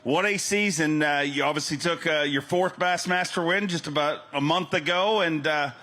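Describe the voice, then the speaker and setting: A man emceeing a fishing tournament weigh-in on an outdoor stage, hyping anglers with loud booming calls. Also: normal speed. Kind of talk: weigh-in announcing.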